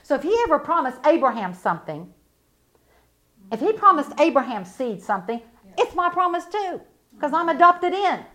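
A middle-aged woman with a fairly high voice preaches with fervent conviction. She drops low and soft for reflection, then climbs into loud, emphatic bursts. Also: big pitch swings, moderate pace. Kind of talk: sermon.

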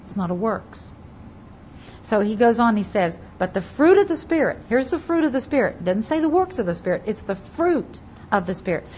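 A woman delivers a Bible teaching sermon in a mid-range voice, leaning hard on key words and repeating them. She swings between loud, pressing emphasis and soft, lowered phrases as she reads scripture aloud. Faint ambience sits behind her. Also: sing-song, normal speed, a little hiss or hum, rough recording. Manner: reads scripture aloud in King James wording. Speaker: preacher.

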